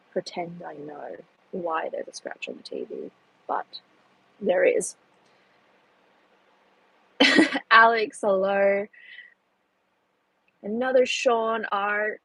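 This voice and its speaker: Chatty young woman, husky voice. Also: medium pitch, fairly bright tone, no room sound, poor audio. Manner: chatty, self-deprecating, reads chat aloud with laughs. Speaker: live streamer. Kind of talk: casual live stream chat. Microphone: phone.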